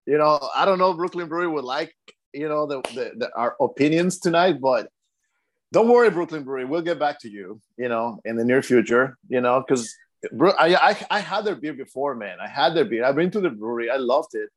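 A man's voice: mid-range voice, animated, fairly quick. A young man co-hosting a podcast, telling a long story in a rambling way, full of restarts and "man.". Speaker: podcast co-host. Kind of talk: casual chat.

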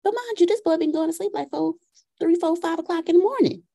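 High, mellow-voiced woman telling a story. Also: fast talker, gravelly. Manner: animated, acts out her son's and her own lines. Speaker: podcast participant sharing a story. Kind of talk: casual storytelling in a group call.

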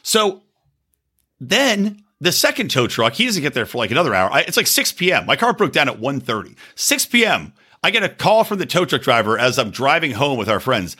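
A man's voice: medium pitch, big pitch swings, a little fast, bright, forceful tone, husky. A middle-aged man telling a story in casual chat, swearing freely and acting out both sides of phone calls. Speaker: podcast co-host.

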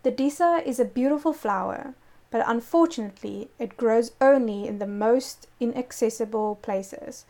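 A woman's voice: fairly high pitch, normal speed, dark tone. A woman telling a local ghost story in casual chat, breaking off to explain words. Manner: reads a story with laughing asides.

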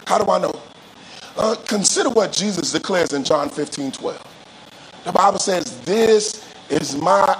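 A man preaching with a high, gravelly voice that swings into sing-song cadences. He keeps calling on the congregation to repeat after him and climbs into shouts. Faint noise sits under his voice. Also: rough recording. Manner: call-and-response preaching, rising to shouts. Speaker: pastor. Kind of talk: sermon.

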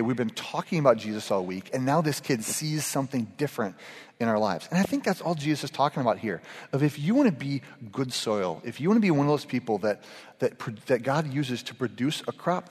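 A man's voice: mid-range voice, husky. A middle-aged man giving a casual, humorous sermon to a group. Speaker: pastor. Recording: echoey hall reverb.

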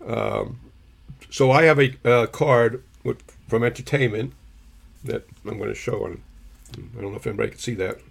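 A man, co-hosting a podcast, tells rambling stories in a husky voice and keeps clearing his irritated throat. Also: medium pitch, moderate pace. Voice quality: gravelly, husky. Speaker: podcast co-host. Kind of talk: casual storytelling chat.

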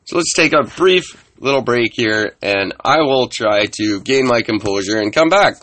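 A man hosting a comedic solo podcast rant, sarcastic and exasperated, with a husky voice. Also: mid-range voice, expressive, normal speed, fairly bright tone, no room sound. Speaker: podcast host.

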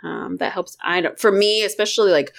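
Woman, podcast co-host, casual chat, chatty, swears freely, mid-pitched voice. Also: steady tone, fairly quick, gravelly. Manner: chatty, swears freely, many fillers and laughs.

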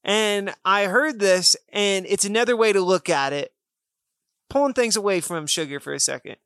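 A man's voice: high-pitched, moderate pace, fairly bright tone, clear, resonant tone, dry recording, studio quality. A man co-hosting a casual faith podcast, explaining points earnestly with everyday examples. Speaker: podcast co-host.

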